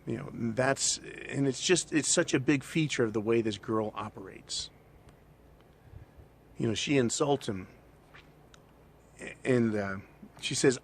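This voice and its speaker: A man's voice: medium pitch, a bit bright. A man casually retelling a film plot in a rambling, opinionated way, often tagging his sentences with "right?". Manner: rambling, tags lines with "right?". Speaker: channel host.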